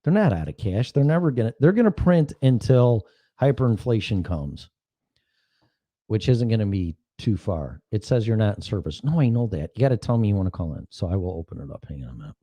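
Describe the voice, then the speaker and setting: A man's voice: fairly low pitch, sing-song, a little fast, dark tone, no room sound. A man hosting a casual solo livestream, rambling and sarcastic, swearing freely and jumping from topic to topic. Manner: rambling, sarcastic, profane, jumps between topics. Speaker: podcast host.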